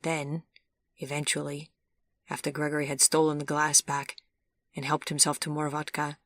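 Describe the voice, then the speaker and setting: A woman narrating an audiobook in a calm, even storytelling manner. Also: deep voice, normal speed, dry recording, clean studio sound. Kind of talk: scripted narration.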